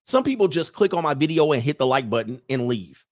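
Guy hosting a stream, kinda high voice that swings all over, mocking and cussing, keeps asking what do they do. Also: fairly quick. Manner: animated, mocking and profane, with repeated rhetorical questions. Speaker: livestream show host. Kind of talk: ranting livestream monologue.

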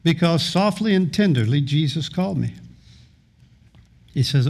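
A man's voice: a little high, expressive, a little slow, vocal fry, pauses often, darkish tone. A middle-aged man preaching a sermon as pastor, earnest, often repeating words and restarting phrases, sometimes half-singing lines of a hymn.

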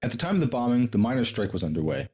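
A man's voice: medium pitch, big pitch swings, racing, warm tone, breathy edge. A man co-hosting a podcast, reading history passages aloud and breaking off into profane, sarcastic commentary. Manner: profane, sarcastic, reads quotes then riffs. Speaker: podcast co-host.

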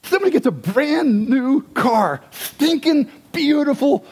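A man preaching a sermon as pastor, conversational and animated, asking his listeners questions and dropping to hushed asides. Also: extremely high pitch, unhurried. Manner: animated, swings between loud and hushed; conversational, asks the congregation questions.

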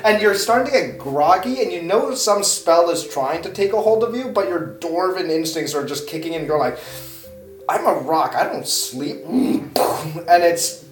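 A game master narrating a tabletop game in an animated, filler-heavy way, recorded in a roomy space away from the mic. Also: mid-range voice, normal speed, faint music behind. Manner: animated, lots of fillers, laughs while narrating. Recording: roomy room, far from the mic.

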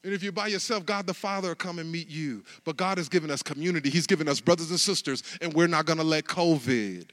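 A man preaching a sermon in a high, bright, ringing voice. He moves from soft, conversational asides to shouted, climbing lines. He talks to his congregation in a loose, casual way. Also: fast talker, few pauses. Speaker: pastor.

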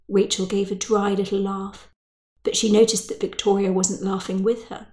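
A woman reading a story in measured, dry narration. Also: mid-range voice, flat delivery, a little mellow.

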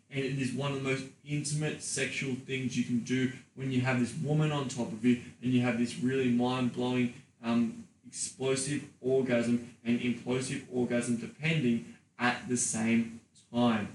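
A man co-hosting a podcast in a crude, animated, swear-heavy way. He sits a little off the mic, so his voice sounds distant in a roomy, echoey space with faint noise underneath. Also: mid-range voice. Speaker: podcast co-host and sex coach. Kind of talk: casual podcast chat.

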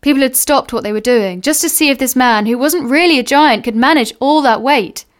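A woman reads a novel aloud, measured and unhurried. Her voice sits a little high and sounds smooth and clear. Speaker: reader. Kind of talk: audiobook reading of a novel.

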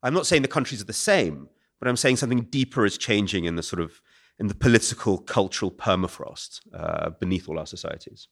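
A British man talking quickly and animatedly as an author being interviewed before a live audience. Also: on the low side, husky. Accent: British English. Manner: fast, animated explaining. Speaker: author and guest. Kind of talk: conversational podcast interview.

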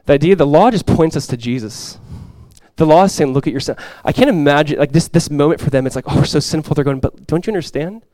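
Captured close and dry with no echo, a male pastor with a fairly high voice preaches quickly before a congregation in a church sanctuary. He rises to loud, urgent quoted cries, then falls back to a quiet, soft delivery.

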